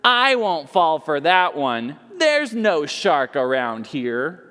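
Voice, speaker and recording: A man's voice: a little high, sing-song, slow, bright, forceful tone, smooth, in a large hall, exaggerated voice. A man reading a picture book and voicing a cheeky little male fish who loves pranks. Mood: scoffing. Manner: mocking, then shrieking in terror.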